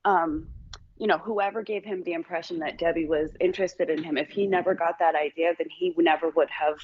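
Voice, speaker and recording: A woman talks through a story on a casual podcast, her voice low for a woman. She explains with lots of restarts and fillers. The sound is dull and lo-fi. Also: fairly even intonation, brisk, slightly rough. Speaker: podcast guest. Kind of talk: casual chat.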